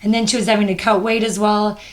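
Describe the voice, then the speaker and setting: A woman's voice: medium pitch, little pitch movement, fast. A woman podcast host telling a personal story in an earnest, heartfelt way. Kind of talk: casual chat.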